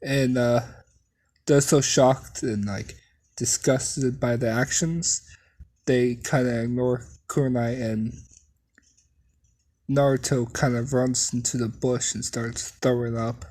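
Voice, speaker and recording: Young adult storyteller, slow and husky, keeps clearing throat, rambling fan-story retelling. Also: mid-range voice, fairly even intonation, a little mellow. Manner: rambling, filler-heavy retelling. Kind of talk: casual fan story narration.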